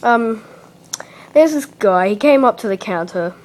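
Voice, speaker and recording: Slow, higher-voiced Australian woman rambling. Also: animated, a little mellow, low-quality recording. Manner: meandering, repeats "and then I'm like". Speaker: host. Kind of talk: rambling comic anecdote.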